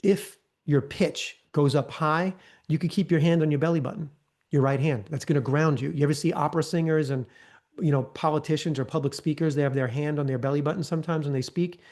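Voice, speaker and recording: A man's voice: fairly high pitch, fairly even intonation, a little fast, darkish tone. A man leading a live online training, coaching in a conversational way and often checking in with "okay?" and "right?". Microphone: video call.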